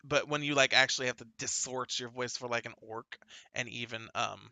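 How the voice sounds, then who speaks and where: A male podcast host with a very bright, crisp and clear voice, recorded dry and close to the mic. He chats casually and laughs a lot, with fillers scattered between the news he reads. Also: medium pitch, fairly even intonation, fairly quick, dry recording. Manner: chatty, laughs often, many fillers. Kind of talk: casual gaming podcast chat and news reading.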